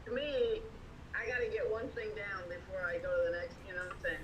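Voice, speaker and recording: A student in an online ukulele class, easygoing, asking the teacher to slow down. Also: female voice, medium pitch, recorded from a distance, slight background noise, rough recording. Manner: laughing, easygoing. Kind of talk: casual comment in class. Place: video call.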